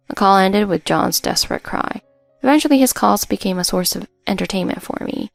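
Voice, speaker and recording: A woman narrating a first-person story in an even, matter-of-fact way. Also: mid-range voice, fairly quick, gravelly, no echo, faint music behind.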